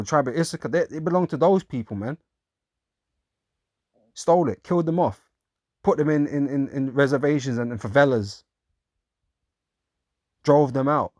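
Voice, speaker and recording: A man's voice: medium pitch, darkish tone, dry recording, studio quality. A man, teaching scripture in a casual, profane, repetitive way. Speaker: street preacher.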